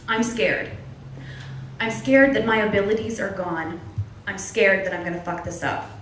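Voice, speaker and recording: At an open mic in a small club, a young adult woman performs spoken word poetry, earnest and candid with wry humor. Her mid-range voice is a bit bright and moderately paced, caught in a distant, echoey room recording with slight background noise.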